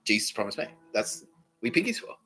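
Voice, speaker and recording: A man's voice: fairly low pitch, very animated, brisk, bright, forceful tone, husky, low-quality recording. Rambling, profane Australian man. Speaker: podcast host. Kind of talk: rambling solo monologue.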